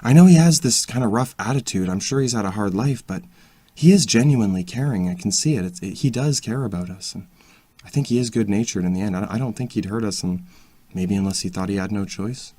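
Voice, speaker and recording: A man with a husky voice playing a soft-spoken young woman who hesitates and reassures the others in an amateur audio drama. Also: fairly low pitch, a little fast, dry recording, close to an everyday voice. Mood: earnest.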